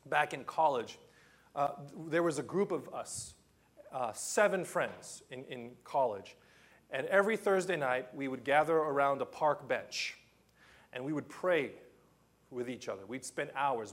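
Emphatic pastor, fairly high-voiced man. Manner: animated, emphatic, repeats phrases, drops to quiet asides. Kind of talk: sermon.

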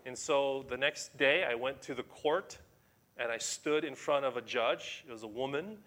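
A man's voice: medium pitch, normal speed, a bit bright. A middle-aged man preaching a sermon as pastor, emphatic and conversational, explaining scripture to his congregation.

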